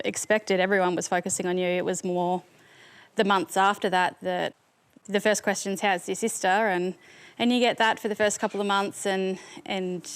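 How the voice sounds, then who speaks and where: A woman's voice: mid-range voice, smooth. A woman, the interviewee's sister, answering hesitantly with many ums and restarts. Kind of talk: casual documentary interview.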